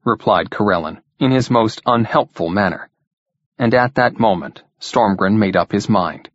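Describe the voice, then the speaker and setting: Guy reading an audiobook, steady, lowish voice, dry muffled audio. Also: moderate pace, no echo. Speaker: narrator. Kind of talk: audiobook narration. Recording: dull lo-fi dry recording.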